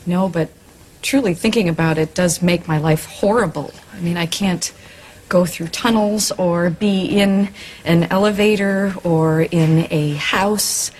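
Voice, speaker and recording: A woman's voice: lowish voice, a little slow, a little mellow, a little hiss or hum, lightly acted. An actress playing a nervous female patient in a comedy sketch, talking hesitantly and giggling.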